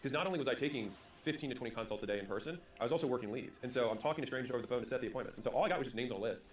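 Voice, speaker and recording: A man in his thirties giving a motivational storytelling talk, acting out quick bits of dialogue. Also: medium pitch, far from the mic. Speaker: business and sales speaker. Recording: roomy sound from away from the mic.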